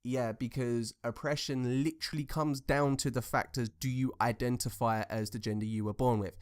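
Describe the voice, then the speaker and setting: A man riffs through his commentary in a relaxed, rambling way, swearing freely as he tells stories and gives blunt opinions. His voice is smooth and clean, pitched in an ordinary middle register. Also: moderate pace. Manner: profane, blunt and conversational. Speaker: commentary vlogger. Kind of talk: casual rambling commentary with anecdotes.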